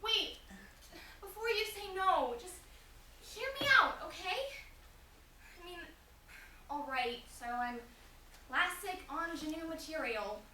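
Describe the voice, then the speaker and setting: Teen girl, really high bright voice, slow, eager, echoey room far off. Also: animated, a little hiss or hum. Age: teens. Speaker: sketch performer. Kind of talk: comic audition monologue.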